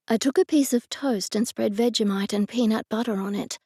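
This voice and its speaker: A woman narrating a cozy mystery audiobook in the first person, measured and even. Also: on the high side, breathy edge, no room sound, studio quality.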